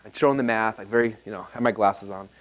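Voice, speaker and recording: A man's voice: on the low side, fast. A man speaking to a live seminar audience, telling a personal story and acting out the dialogue with lots of energy. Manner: animated, acts out quoted dialogue.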